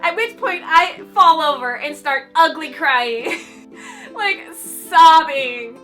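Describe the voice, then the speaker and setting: A woman's voice: high voice, lively intonation, takes it slowly, fairly bright tone. A young woman in her twenties telling a storytime vlog in a gushing, chatty way, full of "like". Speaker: YouTuber. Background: light ukulele music.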